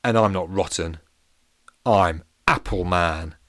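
A man's voice: low-pitched, slow pace, fairly bright tone, no echo, clean studio sound. A man playing a proud apple hero. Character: proud heroic male apple.

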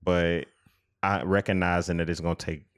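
Deep-voiced man musing earnestly. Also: little pitch movement, moderate pace, clear, resonant tone. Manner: earnest, rambling with restarts. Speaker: podcast co-host. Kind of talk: casual reflective chat.

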